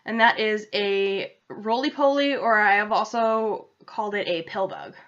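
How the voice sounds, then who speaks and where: She talks unhurriedly in a mid-range, fairly bright voice. A young vlogger from central Massachusetts with a New England accent, she rambles casually and self-deprecatingly at her laptop, whose webcam gives dull lo-fi audio.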